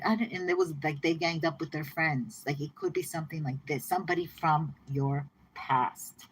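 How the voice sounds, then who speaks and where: A woman giving a casual tarot reading to her viewers, chatty and excitable, often repeating herself and laughing. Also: low-pitched, moderate pace, few pauses, slight background noise, poor audio. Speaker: tarot reader.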